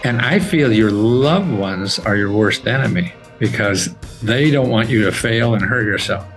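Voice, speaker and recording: An older man talking as a podcast guest, animated and laughing often, with his voice jumping high when he gets excited. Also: measured pace, soft background music, low-quality recording. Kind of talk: casual interview talk.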